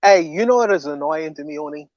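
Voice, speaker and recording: A man's voice: fairly high pitch, lively intonation, fast, heavy background noise. A man co-hosting a podcast who speaks in a blunt, slangy, opinionated way. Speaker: podcast co-host. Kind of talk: casual podcast chat. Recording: dull lo-fi sound.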